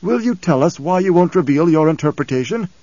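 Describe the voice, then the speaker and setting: Man doing stern menacing adviser, firm, high raised voice, audiobook. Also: expressive, brisk, dark tone, no room sound, dull audio. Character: stern older male noble adviser, menacing.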